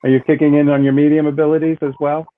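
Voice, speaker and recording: A man's voice: fairly high pitch, flat delivery, quick pace. An older man hosting a live psychic show, chatty and repeating himself as he greets a caller over a video call. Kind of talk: casual live-stream chat. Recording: tinny phone-like call audio with faint noise.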